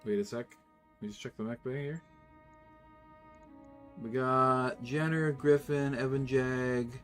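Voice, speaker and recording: A young man casually commenting on his gameplay and reading game text aloud, excitable and swearing now and then. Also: medium pitch, slow pace, faint music behind. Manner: excitable, swears, reacts loudly.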